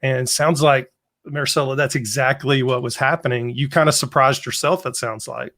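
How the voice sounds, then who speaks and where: A man hosting a podcast, calmly explaining ideas and summing up what his guest says. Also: medium pitch, moderate pace. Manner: reflective, sums up the guest's points. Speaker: podcast host. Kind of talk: interview conversation.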